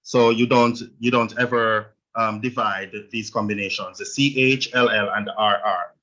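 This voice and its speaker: Jamaican male teacher, bright forceful tone, slightly dull lo-fi sound, patient step-by-step explainer. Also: fairly low pitch, steady tone, normal speed, hardly any pauses. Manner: explains step by step, checks in with "right?". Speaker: Spanish teacher. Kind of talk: online language lesson.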